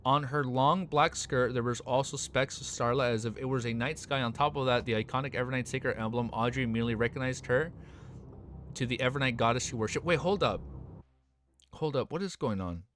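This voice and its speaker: A man casually reading a web novel aloud and breaking off into excited, slangy reactions. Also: mid-range voice, a little fast.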